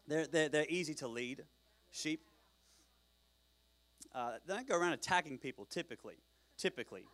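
A man's voice: a little high, expressive, moderate pace, fairly bright tone. A man from Australia with an Australian accent, preaching a sermon in a joking, conversational way, with digressions and repeated words. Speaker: pastor.

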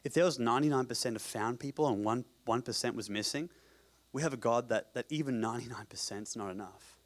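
Delivering a sermon at a church service, this fast-talking pastor alternates between booming, forceful stretches and soft, low-voiced asides.

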